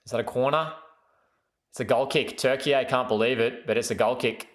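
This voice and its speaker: Excitable male live football host, echoey room. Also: fairly quick. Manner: casual, excitable, calls the play, bursts into loud high cheers. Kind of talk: excited live match commentary to chat viewers.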